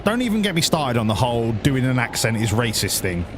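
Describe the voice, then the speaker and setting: Sarcastic man with a lively voice. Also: medium pitch, fairly quick, noisy background. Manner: sarcastic, talks to the game, swears freely. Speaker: streamer. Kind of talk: casual gaming commentary.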